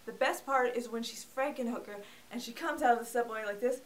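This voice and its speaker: Casual vlogger, woman, joking movie reviewer with a slightly high voice. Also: fairly quick, faint music behind. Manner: chatty and joking, acts out characters.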